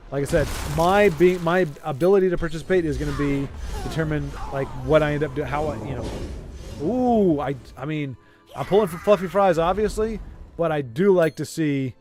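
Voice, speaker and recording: A young man with a slightly high voice streams a card game live, commentating with excited gasps and goofy, rambling jokes. Faint music plays under his talk. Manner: excitable, quick reactions and exclamations; jokey, rambling asides.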